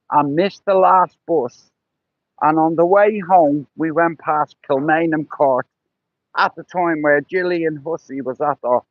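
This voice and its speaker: A man's voice: a little high, dry recording, phone-quality sound. A man telling rambling, profane stories on a livestream, with lots of "you know" between them. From Ireland. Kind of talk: casual storytelling on a livestream.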